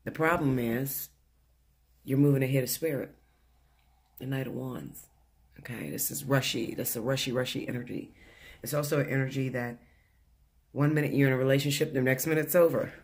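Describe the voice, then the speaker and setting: A man's voice: mid-range voice, steady tone, brisk, pauses often. Blunt, foul-mouthed male tarot reader. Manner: blunt, profane and chatty, laughs often. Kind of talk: casual weekly tarot reading. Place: living room at home.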